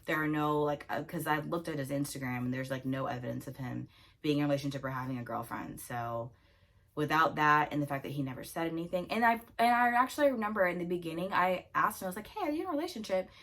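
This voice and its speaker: Young woman w a low voice gossiping thru a storytime, chatty and animated, laughs a lot. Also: quick pace. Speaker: vlogger. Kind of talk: casual storytime chat.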